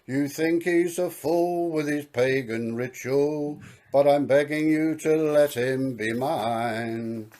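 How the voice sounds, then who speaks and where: A man's voice: on the high side, steady tone, slow, a little mellow. A man singing the part of a young woman in love who pleads with her father, in a comic song. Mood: pleading. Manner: sung pleading lines.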